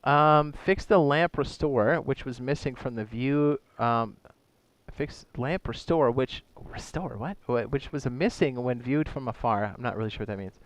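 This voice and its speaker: A man's voice: mid-range voice, unhurried, dry recording. A man reading out game patch notes in a casual way, adding joking asides and stumbling and correcting himself as he goes. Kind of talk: casual commentary reading a list aloud.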